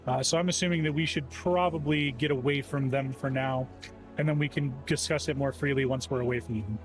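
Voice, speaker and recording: A man taking part as a player in a tabletop game, thinking aloud with plenty of pauses and fillers. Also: mid-range voice, fairly even intonation, faint music behind. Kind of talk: tabletop role-play.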